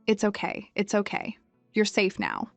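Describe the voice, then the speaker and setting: A woman's voice: medium pitch, huge pitch swings, a little slow, creaky, no echo, full character voice. A woman voicing an earnest, shy young male henchman who talks plainly and a little flustered, over faint music. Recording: dry, music faint behind.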